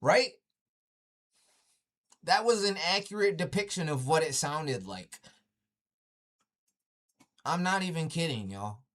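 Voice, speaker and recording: A man's voice: fairly high pitch, lively intonation, slow, pauses often, a bit bright. A man hosting a livestream in a taunting chat, mocking and swearing, often breaking into laughter. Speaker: livestream host.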